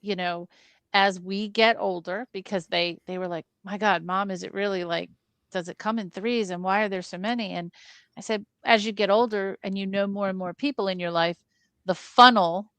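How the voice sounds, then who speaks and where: A middle-aged woman co-hosting a film review chat, speaking in a gentle, measured way. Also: mid-range voice, fairly even intonation, clean tone, dry recording. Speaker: film club co-host.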